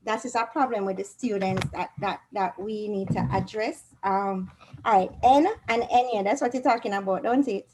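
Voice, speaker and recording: A woman's voice: medium pitch, moderate pace, a little mellow, a little hiss or hum, poor audio. A woman with a Jamaican accent teaching a Spanish lesson to students in an online class, explaining patiently step by step.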